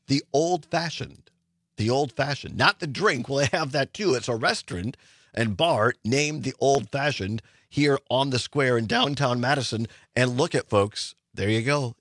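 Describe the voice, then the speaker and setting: A man's voice: medium pitch, a bit bright, no room sound. A middle-aged man from Wisconsin, hosting a talk radio and streaming show in a studio, chatting enthusiastically and rambling with restarts.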